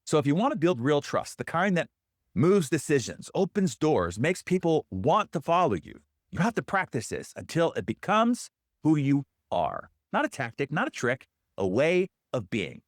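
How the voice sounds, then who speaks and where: A man's voice: a little high, huge pitch swings, dry recording, clean studio sound. Emphatic man giving a punchy motivational talk. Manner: emphatic, punchy short phrases, dramatic pauses. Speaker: business speaker and coach. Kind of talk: scripted motivational talk to camera.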